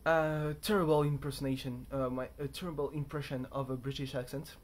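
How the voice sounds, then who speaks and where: Brisk and steady, his mid-range voice carries a young man's rambling hotel-room vlog. He talks to camera casually and chattily, making fun of himself as he wanders from topic to topic.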